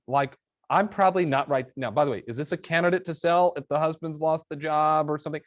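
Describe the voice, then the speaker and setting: A man's voice: on the high side, fast. A man as an interview guest, explaining real estate outreach and acting out phone calls with quoted lines. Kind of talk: conversational interview, storytelling with examples.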